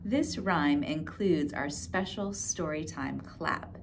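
A woman's voice: low voice, slow pace, creaky, background noise. A woman librarian leading a storytime rhyme for young children, coaxing and sing-song.

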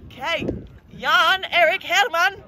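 A woman giving chatty, excitable live commentary on an amateur match from the sideline, laughing easily. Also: very high-pitched, slow. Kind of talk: casual live sports commentary. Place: outdoors at a sports field sideline. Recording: outdoor sideline with crowd noise. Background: spectators cheering and chatting.

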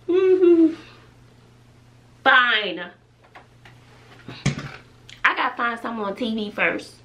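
A woman from Texas, a family vlogger, chats casually to camera and muses aloud to herself in her bedroom at home. Her voice is a little high and slow, with long pauses. Recorded off-mic from a distance in an echoey room, it has cut-off highs and faint noise.

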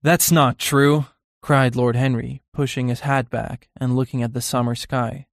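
A man narrating a classic novel in an even, measured way. His voice sits at an ordinary pitch. The recording is dry, with no room sound. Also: creaky, no room sound. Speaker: audiobook narrator. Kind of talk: scripted narration.

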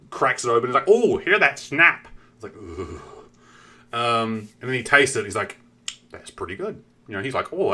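In a casual stream chat, a man from New Zealand with a sharp-toned, medium-pitched voice rambles on, using lots of fillers and curses while imitating what others said.

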